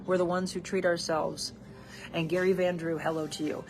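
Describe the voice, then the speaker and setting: A woman's voice: on the low side, little pitch movement, moderate pace, faint music behind. Upbeat woman host greeting viewers. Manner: upbeat and encouraging, shouts out viewers by name. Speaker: host of a live self-help show. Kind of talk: live-stream chat reading viewer comments.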